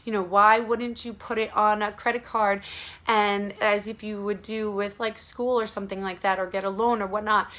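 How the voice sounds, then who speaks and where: Woman coach, earnest, direct address, mid-pitched, plain casual delivery. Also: flat delivery, normal speed, fairly bright tone. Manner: earnest, repetitive, speaks straight to the listener. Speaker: postpartum support coach. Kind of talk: casual direct-to-camera advice talk.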